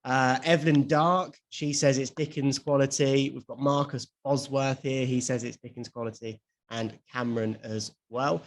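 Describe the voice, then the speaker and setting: A young man co-hosting a podcast in casual chat, chatty and quick to laugh, swearing now and then. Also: medium pitch, fairly even intonation. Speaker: podcast co-host.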